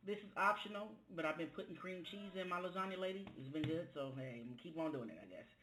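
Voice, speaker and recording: A man's voice: a little high, expressive, quick pace, pushed and bright, a little hiss or hum, low-quality recording. A man chatting casually to viewers as a home cook while making a meal in his kitchen, rambling from one thing to the next. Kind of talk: casual cooking video.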